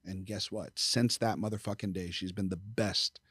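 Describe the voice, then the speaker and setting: Man, middle-aged, low voice, dry close sound, podcast guest, candid casual storytelling, swears a lot, acts out quoted dialogue. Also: steady tone, normal speed, a bit bright, breathy edge, dry recording.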